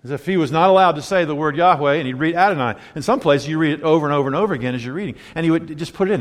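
A man delivers a sermon in a fairly high voice, pressing his points with questions thrown out to the listeners. His words ring out with the long reverb of a big hall. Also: lively intonation, very fast. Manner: emphatic, with rhetorical questions to the congregation. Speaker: pastor.

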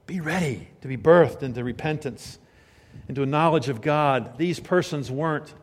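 Male pastor, slightly high voice, sermon in a big echoing hall, quiet storytelling rising to fervent preaching. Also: normal speed.

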